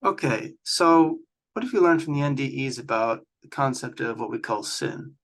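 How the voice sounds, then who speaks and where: A man's voice: mid-range voice, moderate pace, fairly bright tone. A man hosting an interview, thoughtfully asking questions and thanking his guest. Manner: appreciative, thoughtful, a few fillers. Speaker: interview host.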